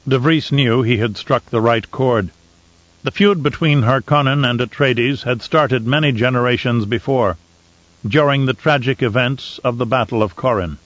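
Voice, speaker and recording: A man narrating an audiobook in a steady storytelling voice. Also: mid-range voice, moderate pace, dry recording, dull audio. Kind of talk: scripted narration.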